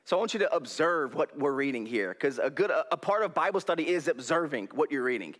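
Speaking fast in a slightly high voice, a young man preaches a lively, folksy sermon in a church hall. He wears a headset mic and laughs a lot.

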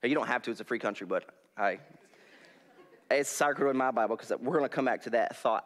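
A young male preacher, giving a folksy, animated sermon in a church hall on a headset mic and laughing often. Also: mid-range voice, fast talker.

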